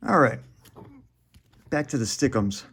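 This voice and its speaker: A man's voice: mid-range voice, animated, measured pace, a bit bright, slightly rough. A man in his forties chatting casually while opening trading card packs, rambling and profane, chuckling often.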